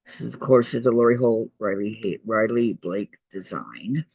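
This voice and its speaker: A man's voice: lowish voice, moderate pace, vocal fry, darkish tone, breathy edge, no echo, muffled recording. A man hosting a quilting shop's online meeting. He talks casually through a crafting demonstration, muttering to himself as he works and reading out viewer messages.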